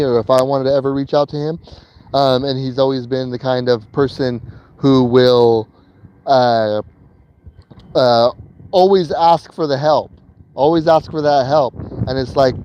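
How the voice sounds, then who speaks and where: While driving, a man tells a personal story for a casual vlog, speaking loosely with slang, plenty of fillers, and repeats. His mid-range voice has a darkish tone, and the recording sounds lo-fi.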